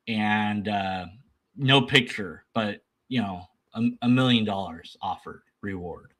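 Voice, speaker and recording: A man's voice: lowish voice, a little slow, a bit bright. A man giving rambling, sarcastic commentary while reacting to a video. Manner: rambling, mocking, sarcastic asides.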